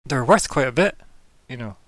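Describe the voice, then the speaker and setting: A man voicing a small, excitable male jeweller who speaks bluntly and matter-of-factly. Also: mid-range voice, moderate pace, dry recording, studio quality, natural voice. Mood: curious. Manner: matter-of-fact, curious.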